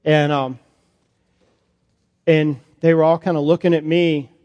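A man, a priest, performing a first-person Bible monologue in a sermon, conversational and halting with fillers. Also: fairly high pitch, little pitch movement, darkish tone, highs cut off. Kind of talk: dramatic monologue as Peter in a sermon. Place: church sanctuary. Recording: long church reverb.

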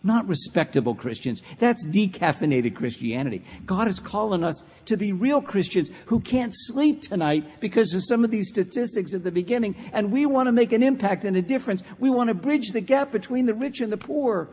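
A man preaching a sermon in a church, telling a story and ending on a slow, hushed close. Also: high-pitched, expressive, slight background noise. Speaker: pastor. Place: large church sanctuary. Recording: long church reverb.

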